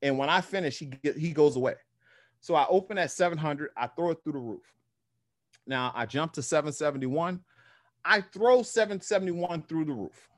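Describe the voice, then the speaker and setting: A man tells a story with lots of energy, his pitch swinging widely as he acts out the other people in it. His voice sits a bit high for a man, and the sound is dry and close. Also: normal speed, no room sound. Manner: animated, acts out other voices, casual slang and swearing. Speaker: guest powerlifter. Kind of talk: casual storytelling.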